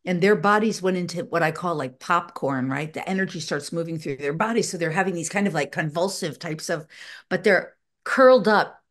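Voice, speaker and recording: A woman telling a personal story in an earnest way, often pausing and searching for words. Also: lowish voice. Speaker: interviewee recounting a spiritual experience.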